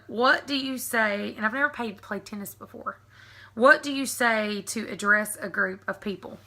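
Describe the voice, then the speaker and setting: This vlogger, a thirty-something woman with a Southern American lilt, giggles and chats loosely through an accent tag clip, saying um a lot. Her pitch leans high, with vocal fry and a bright, forceful delivery.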